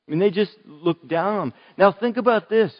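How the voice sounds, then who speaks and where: Western Pennsylvanian male pastor, chatty sermon delivery, lingering church echo. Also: high-pitched. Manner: conversational preaching, slows on key words. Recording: dull, long church reverb.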